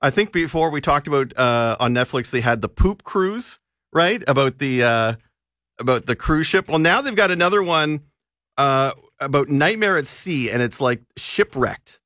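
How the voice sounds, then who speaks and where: A man's voice: medium pitch, moderate pace, dry recording, clean studio sound. A man co-hosting a radio show in casual chat, talking with frequent restarts and easy laughs. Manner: animated, hesitant restarts, laughs easily. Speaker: radio co-host and film reviewer.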